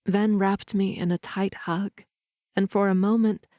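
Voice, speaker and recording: A woman narrating an audiobook in the first person with calm, even storytelling. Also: mid-range voice, measured pace, dry recording, studio quality.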